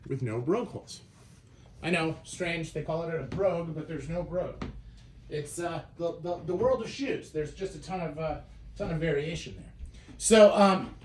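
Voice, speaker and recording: A man's voice: a little high, darkish tone, slight background noise. A man hosting a casual show-and-tell vlog, talking in a loose conversational way with frequent fillers and restarts. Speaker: shoe collector and channel host.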